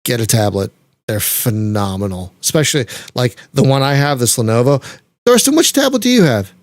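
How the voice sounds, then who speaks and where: Excitable man gushing on a podcast. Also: mid-range voice, a little fast, no echo, clean studio sound. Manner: gushing, excitable, swears casually. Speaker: podcast host. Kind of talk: casual podcast chat.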